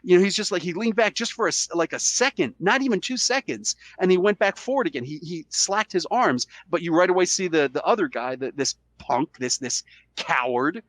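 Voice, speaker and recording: A man hosting a podcast while sick with a cold, arguing his side in a casual, animated way and acting out quotes. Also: high-pitched, a little fast, no room sound. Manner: animated, argumentative, acts out quotes. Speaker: podcast host. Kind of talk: casual debate chat.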